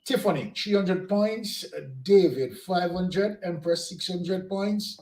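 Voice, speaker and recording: An easygoing man co-hosts a trivia stream, calling out points and welcoming viewers. His voice sits slightly high, and a roomy echo hangs around his home desk mic. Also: slow. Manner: loose, easygoing delivery with warm greetings. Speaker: co-host and scorekeeper of an online trivia stream. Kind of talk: casual live-stream chat, announcing scores.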